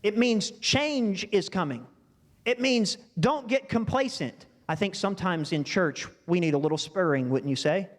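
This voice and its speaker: Man, church sermon, conversational preaching, higher-pitched voice, long hall reverb. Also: animated, normal speed. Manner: conversational preaching with audience asides. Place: church sanctuary.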